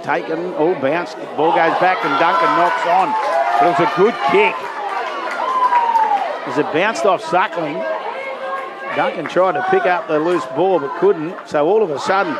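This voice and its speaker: A man commentates live on rugby league from an outdoor venue, talking a little slowly and leaving long pauses. He lifts his pitch and volume whenever a big play unfolds. Loud crowd noise and outdoor ambience surround him.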